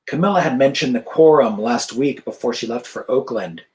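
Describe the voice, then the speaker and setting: A male author reading his novel aloud over a video call in an even, measured narration. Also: mid-range voice, rough recording.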